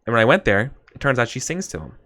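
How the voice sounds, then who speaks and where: A man's voice: medium pitch, big pitch swings, fast, sharp tone. A man running a tabletop role-playing game as game master, talking in a rambling, chatty way with many fillers.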